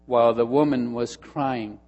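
A male pastor preaching a sermon, telling a story and moving between hushed asides and emphatic repeated phrases. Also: medium pitch, fairly even intonation, unhurried, big-room sound, lo-fi sound.

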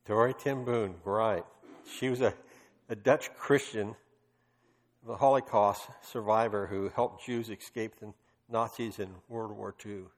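A man's voice: lowish voice, fairly even intonation, a little slow. A man preaching a sermon, telling stories emphatically with passionate bursts. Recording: long reverb of a large hall.

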